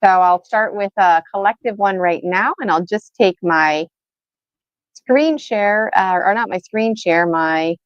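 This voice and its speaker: A woman co-hosts a live stream, chatting loosely and thinking aloud as she goes. Her voice is smooth and clear, recorded dry over slightly dull stream audio. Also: mid-range voice, a little slow, no echo. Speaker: co-host and gemstone reader. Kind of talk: casual livestream talk. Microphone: video call.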